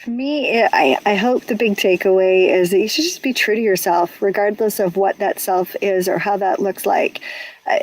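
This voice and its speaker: A woman author telling scenes from her book in casual chat, animated and full of restarts. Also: medium pitch, no room sound, low-quality recording. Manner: animated retelling with restarts and repeats. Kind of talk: casual chat about writing.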